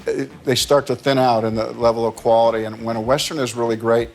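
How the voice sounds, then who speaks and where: A man's voice: medium pitch, fairly even intonation, fairly quick, gravelly. An older American man telling long casual stories on talk shows, rambling, laughing, and restarting his sentences. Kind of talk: casual anecdotes.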